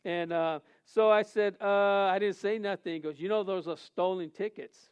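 A man's voice: high-pitched, fairly even intonation, normal speed, clear, resonant tone, highs cut off. A man who is a pastor, preaching a sermon and telling a funny personal story, acting out the dialogue and laughing often.

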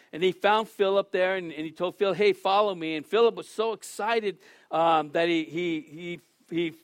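A man preaching a casual sermon, animated, often restarting and acting out quotes. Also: high-pitched, no echo, clean studio sound.

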